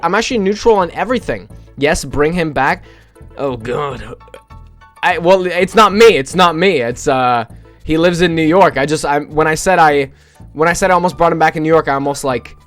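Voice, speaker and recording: Male streamer, pitched a bit high, loose profane banter with chat, self-mocking, soft music underneath. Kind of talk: casual live-stream chat with viewers.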